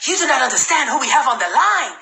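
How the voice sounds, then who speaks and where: A woman voicing a wildly excited man hyping up a guest on a phone call, shouting with breathless enthusiasm. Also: high-pitched, quick pace, vocal fry, reverberant, heavily acted. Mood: hyped up.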